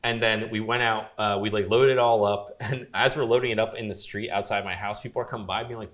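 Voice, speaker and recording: A man's voice: lowish voice, steady tone, fast talker, hardly any pauses, a bit bright. A young man casually telling a long story as a podcast guest, full of fillers and quoted dialogue. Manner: laid-back, lots of fillers, quoting others. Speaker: podcast guest, grip and gaffer.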